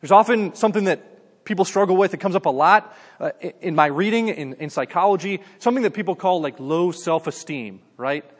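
A man's voice: high-pitched, brisk, in a large hall. A man preaching a sermon in a conversational way, calling his listeners "guys" and often saying "like". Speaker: pastor.

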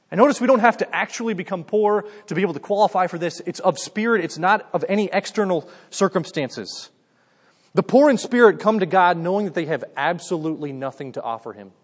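High-voiced preacher in a reverberant hall. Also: male voice, expressive, fairly quick. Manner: conversational preaching, addresses listeners as "guys", often says "like". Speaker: pastor. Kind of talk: sermon.

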